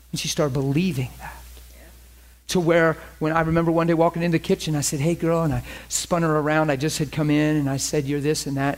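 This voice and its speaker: A middle-aged man preaching a sermon in a conversational way, acting out quotes from his own story. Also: on the high side.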